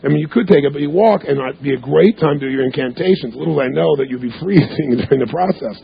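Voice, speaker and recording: A fast-talking motivational speaker with a fairly high, gravelly, husky voice gives a punchy, emphatic seminar talk to a live audience in a hotel event room, repeating words for effect. The recording is muffled and lo-fi.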